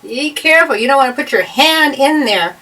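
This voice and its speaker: A woman's voice: high voice, animated, brisk, sharp tone. A woman giving a patient, step-by-step drawing lesson to children. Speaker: art teacher. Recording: voice a bit far from the mic.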